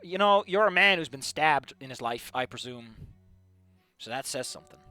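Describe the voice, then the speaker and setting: A young man reading fan fiction aloud and ranting about it, with animated, sweary, exasperated outbursts. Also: medium pitch, normal speed, no echo, soft background music.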